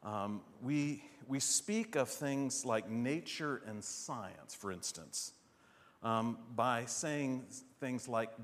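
A man preaching a sermon in an animated, rhetorical way, often asking "right?". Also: medium pitch, very slow. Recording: long hall reverb.

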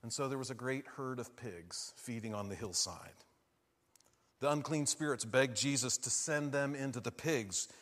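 A man preaching a sermon, asking his listeners questions and moving between hushed and loud, emphatic lines. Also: medium pitch, moderate pace, long reverb tail.

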